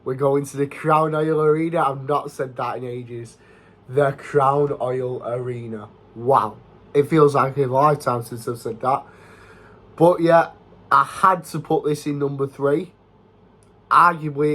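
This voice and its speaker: Flat-voiced young football vlogger. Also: male voice, mid-range voice. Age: young adult. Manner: chatty, rambling, leans on fillers like "you know" and "obviously". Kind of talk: casual talking-head vlog.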